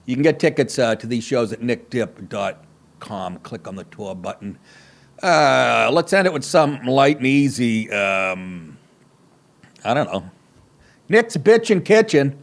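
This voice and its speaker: A man's voice: mid-range voice, sing-song, measured pace, creaky. A man hosting a comedy podcast, talking in a profane, rambling, sarcastic way. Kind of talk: casual comedic podcast monologue.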